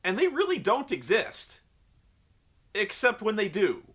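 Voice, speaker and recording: A man's voice: sits high, huge pitch swings, measured pace, a bit bright, breathy edge. A young man recapping a wrestling show in a sarcastic, profane, rambling comedic commentary.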